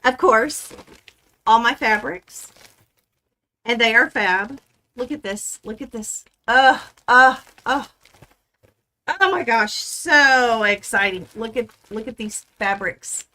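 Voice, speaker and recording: A woman hosting a quilting livestream from her home studio, gushing and chatting excitedly with viewers as she unboxes fabric. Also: fairly high pitch, slow, long pauses. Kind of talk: casual live stream chat.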